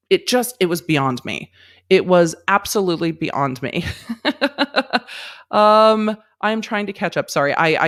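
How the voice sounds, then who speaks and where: A woman in her forties hosting a casual livestream. She speaks bluntly and emphatically, swears freely, and stops to read and thank viewers in the chat. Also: on the low side. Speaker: legal commentary livestream host.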